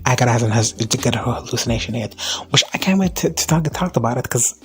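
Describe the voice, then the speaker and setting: A man's voice: lively intonation, fast talker. Rambling, foul-mouthed man recapping a show. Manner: profane, rambling, slips into high-pitched quoted voices. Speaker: recap vlogger. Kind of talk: casual crack recap.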